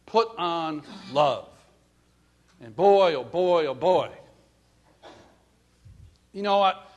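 Animated preaching man with lively pitch. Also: drawn-out words, muffled recording. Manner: animated preaching, acts out little scenes, swings from soft to loud. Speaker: pastor. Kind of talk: sermon.

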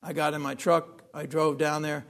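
A man's voice: on the high side, little pitch movement, normal speed, a bit bright. A man preaching a sermon, emphatic, repeating phrases and restarting sentences.

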